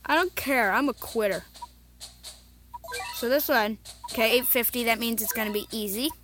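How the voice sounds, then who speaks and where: A woman talking casually over her own mobile gameplay, chatty and self-mocking, with bursts of excited cheering. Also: fairly high pitch, normal speed. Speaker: mobile game video host. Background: game music.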